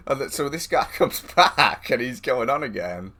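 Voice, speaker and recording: A man's voice: medium pitch, expressive, moderate pace, pushed and bright. A man streaming live, telling a rambling anecdote with lots of swearing, laughing and quoted voices. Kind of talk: casual storytelling.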